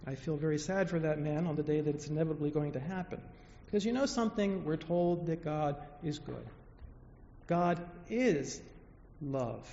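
Man, preacher, sermon, emphatic storytelling, high voice, long hall reverb, muffled lo-fi audio. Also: normal speed, vocal fry. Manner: emphatic storytelling, phrases dropping soft at the end. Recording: echoey hall, dull lo-fi sound.

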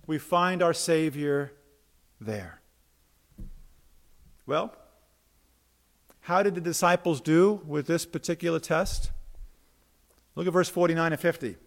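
High-voiced animated male pastor preaching. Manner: animated preaching, acts out quoted voices, drops to soft emphasis. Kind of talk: sermon.

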